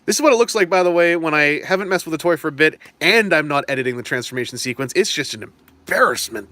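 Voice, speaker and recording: A chatty young man hosts a live stream, answering questions in a loose, rambling way. His voice is bright and sits a little high. The sound is close and dry. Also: animated, fast, dry recording. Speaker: stream host. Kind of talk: casual live-stream chat about toys and trading cards.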